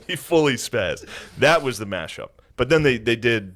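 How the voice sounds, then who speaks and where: A man telling a story on a podcast in casual chat, animated and laughing, acting out what others said. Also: medium pitch, fast. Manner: animated, laughing, acts out quotes. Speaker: podcast co-host.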